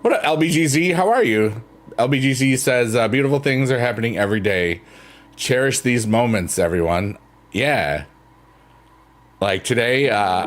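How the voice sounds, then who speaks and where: Man, low-ish voice, rambling livestream chat, relaxed, clear piano music in background. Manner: rambling, laid-back, laughs at himself. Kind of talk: casual chat with viewers. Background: soft piano music.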